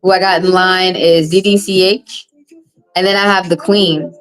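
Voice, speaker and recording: A woman's voice: on the low side, level tone, normal speed, faint music behind, poor audio. A woman hosting a tarot live stream, talking bluntly and profanely in a casual monologue and repeating phrases for emphasis.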